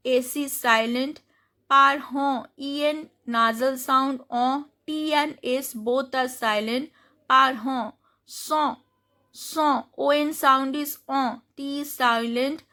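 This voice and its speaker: A woman with an Indian English accent teaching French pronunciation step by step, spelling out letters and repeating each word slowly. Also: sits high, steady tone, fairly bright tone. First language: Hindi. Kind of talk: slow step-by-step pronunciation lesson.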